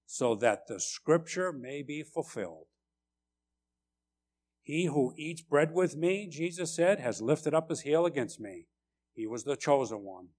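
A man preaching a sermon with passion, swelling loud on key phrases and repeating lines for emphasis. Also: medium pitch.

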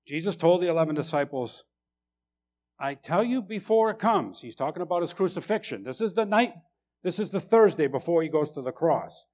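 A man preaching a sermon with passion, swelling loud on key phrases and repeating lines for emphasis. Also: a little high, lively intonation, a little fast.

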